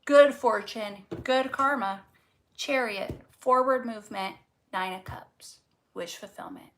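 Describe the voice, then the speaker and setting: A woman's voice: a little high, slow, fairly bright tone, a little hiss or hum, rough recording. A woman reading tarot cards casually to camera, fervent and encouraging, swearing freely and repeating words for emphasis. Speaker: tarot reader.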